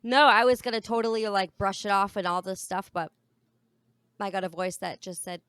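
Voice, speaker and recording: Bright-voiced, frank young woman co-host. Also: medium pitch, flat delivery, moderate pace, clean tone, no room sound. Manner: candid, frank, swears freely. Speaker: podcast co-host. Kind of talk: casual chat.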